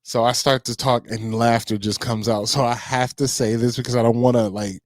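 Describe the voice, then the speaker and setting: A man's voice: mid-range voice, fairly even intonation, normal speed, no room sound, clean studio sound. A man co-hosting a stay-at-home dad podcast, laughing often and talking in an encouraging, reflective way. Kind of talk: casual chat.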